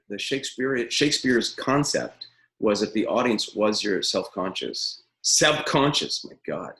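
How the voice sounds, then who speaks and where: A middle-aged man with a deep, gravelly voice teaches acting in a live webinar over a webcam from a room at home. He talks in an opinionated, rambling way, full of ums and uhs. His low voice has a steady fry running through it. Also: low-quality recording. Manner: opinionated, rambling, many fillers.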